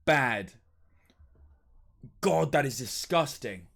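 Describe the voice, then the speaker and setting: A man live-streaming a hot sauce tasting, giving an animated running commentary and complaining about the heat. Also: medium pitch, slow pace, creaky, pauses often. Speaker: livestreamer.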